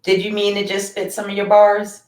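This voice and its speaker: A woman's voice: mid-range voice, monotone, a little fast, a little mellow, reverberant. A woman hosting a casual chat, mostly giving brief affirmations and asking playful questions.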